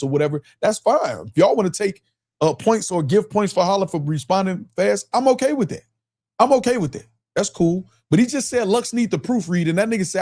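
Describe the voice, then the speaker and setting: A man from Michigan in the US Midwest hosts a live stream with loose, casual commentary, reading the chat aloud and laughing often. He is animated, his voice sits high for a man, and he keeps asking the same question over and over.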